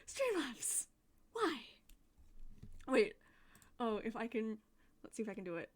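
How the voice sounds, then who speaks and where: A woman live-streams a game from a desk microphone, chatting casually in a mid-range voice at a slightly fast pace. She's giggly and self-deprecating, laughing at herself often.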